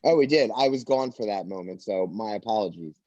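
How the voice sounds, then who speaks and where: A man's voice: lowish voice, expressive, a little fast, warm tone, dry recording. A man on a casual video call, rambling and self-mocking, stammering through restarts. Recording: dull lo-fi video call audio.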